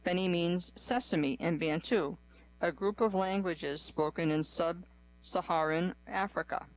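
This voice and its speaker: Steady radio reader of food articles. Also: medium pitch, unhurried, dry recording, faint music behind, poor audio. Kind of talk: scripted reading of articles.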